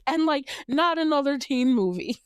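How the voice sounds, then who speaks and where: A woman's voice: sits high, animated, moderate pace, no echo. A woman in her late twenties hosting a podcast, giving a casual and candid recap of a movie, cursing freely and laughing often. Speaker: podcast host.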